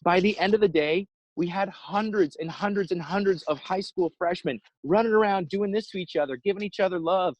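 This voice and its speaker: A man giving an inspirational talk over a video call, telling a story in an animated way and acting out the quotes. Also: high-pitched, a little fast, hardly any pauses, no room sound, dull audio. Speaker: inspirational speaker.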